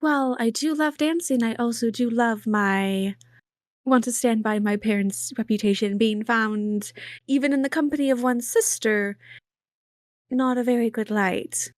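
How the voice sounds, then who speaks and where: A woman's voice: fairly high pitch, measured pace, dry recording, studio quality, lightly acted. A woman voicing a polite, hesitant young debutante who stammers through her words. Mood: flustered.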